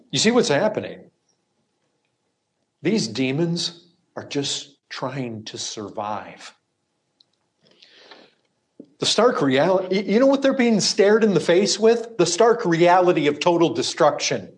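Slow, emphatic male preacher. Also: fairly high pitch, sing-song. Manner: emphatic, swings between loud cries and hushed asides. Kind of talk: sermon.

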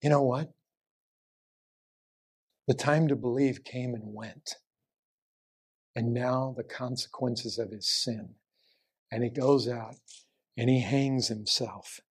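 Guy preaching, husky voice, keeps firing questions at the crowd, gets loud then drops real quiet. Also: steady tone, takes it slowly, long pauses. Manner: emphatic, full of rhetorical questions; swings between raised urgent lines and low hushed ones. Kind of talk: sermon.

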